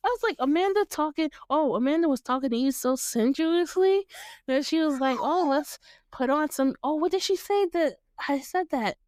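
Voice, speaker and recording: Animated woman recapping a show with her sister. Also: high-pitched, moderate pace, no echo, studio quality. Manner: animated, laughing, acting out characters' lines. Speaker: podcast host. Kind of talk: casual chat recapping a TV show.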